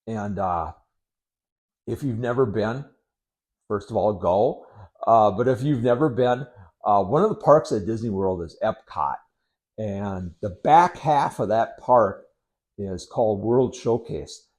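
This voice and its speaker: A middle-aged man from Wisconsin rambling casually to camera, unhurried and full of ums, with sarcastic asides. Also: on the low side, expressive, a little mellow. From Wisconsin, United States. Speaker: vlogger.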